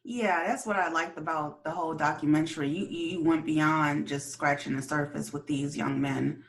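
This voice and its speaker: A woman's voice: low-pitched, steady tone, moderate pace, creaky, recorded from a distance. Woman radio host, slightly off-mic. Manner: responsive, frequent short affirmations. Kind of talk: casual radio interview.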